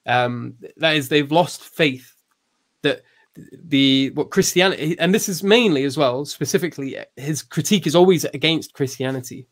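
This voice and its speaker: A man's voice: fairly high pitch, moderate pace. A man explaining ideas in casual conversation, full of restarts and fillers, raising his voice when he acts out quotes. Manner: hesitant, many restarts and fillers; acts out quoted lines with raised voice.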